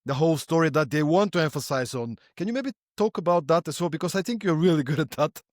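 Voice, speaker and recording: A man hosting a podcast, asking thoughtful, drawn-out questions in a conversational way. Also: on the high side, lively intonation, darkish tone, no echo, studio quality. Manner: thoughtful, sets up questions at length. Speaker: podcast host.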